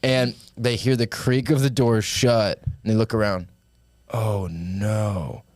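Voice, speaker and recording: A man co-hosting a comedy podcast, improvising a silly story with playful, animated delivery. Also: mid-range voice, moderate pace, clear, resonant tone, dry recording, studio quality. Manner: animated, goofy, bursts into silly voices and whispers. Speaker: podcast co-host.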